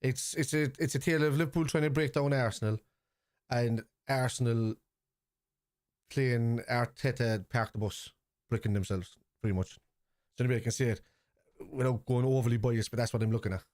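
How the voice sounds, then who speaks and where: A man with a Cork Irish accent, streaming a live football watchalong, chatting casually and shouting at the referee and players. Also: medium pitch, normal speed, dry recording, clean studio sound. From Ireland. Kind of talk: live match reaction chat.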